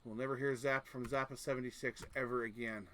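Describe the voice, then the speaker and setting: A man's voice: mid-range voice, steady tone, moderate pace, creaky, fairly bright tone. A man streaming a game, chatting casually in a rambling, joking and crude way. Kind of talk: casual gaming chat.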